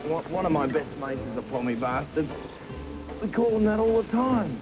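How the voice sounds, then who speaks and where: A man's voice: on the high side, very animated, normal speed, rough recording. An actor playing an indignant young man who insists he is Welsh, speaking emphatically in a film scene. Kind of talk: film dialogue. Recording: film clip with music underneath.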